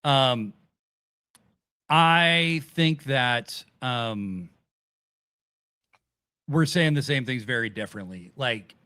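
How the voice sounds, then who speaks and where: A man hosting a casual wrestling review chat, animated and swearing casually as he retells events. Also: medium pitch, very slow, long pauses, smooth, no echo. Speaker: podcast host.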